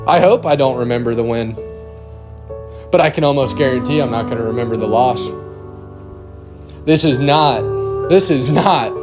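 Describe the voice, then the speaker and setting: A man hosting a podcast, ranting with anger and swearing about his football team, recorded in a dim hotel room. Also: mid-range voice. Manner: angry, shouting, profane rant. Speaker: podcast host. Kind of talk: ranting sports podcast monologue.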